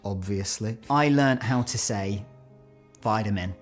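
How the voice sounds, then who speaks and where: A man's voice: mid-range voice, expressive, moderate pace, soft background music. A man telling stories and teasing playfully while chatting on a gaming stream. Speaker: voice actor co-host. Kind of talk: casual gaming stream chat.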